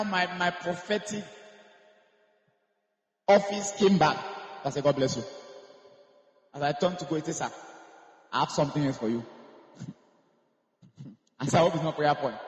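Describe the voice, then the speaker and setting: High, animated preacher man in an echoey hall. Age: 30s. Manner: storytelling preacher, shifting from hushed asides to shouted climaxes. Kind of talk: sermon. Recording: echoey hall with long reverb.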